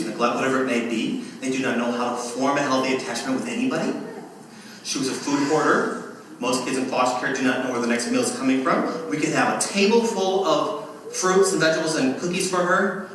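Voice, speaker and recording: A man giving a keynote speech, telling personal stories in an animated way and acting out the voices. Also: mid-range voice. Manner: animated storyteller who acts out voices. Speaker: keynote speaker. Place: event venue at a fundraiser. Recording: echoey hall, voice from far off, faint noise.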